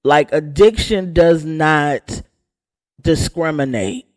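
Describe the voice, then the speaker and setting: A woman rants with sarcastic sass as the host of a gossip channel. She takes her time over her words, and her pitch leaps up and down with every jab. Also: takes it slowly. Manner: sassy, sarcastic, animated. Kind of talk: casual gossip rant.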